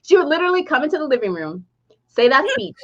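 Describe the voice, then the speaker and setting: A lively woman spins a story in casual livestream chat, her voice a touch high. The sound is dull and lo-fi, like a cheap stream mic. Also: quick pace. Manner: animated storyteller, laughs while telling. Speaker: book club co-host.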